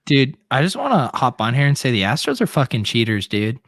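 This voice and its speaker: Bright-voiced bro on a podcast, swears a ton, big swings in pitch. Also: male voice, huge pitch swings, fairly quick. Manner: emphatic, swears a lot, keeps saying "dude". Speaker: podcast co-host. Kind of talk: casual chat.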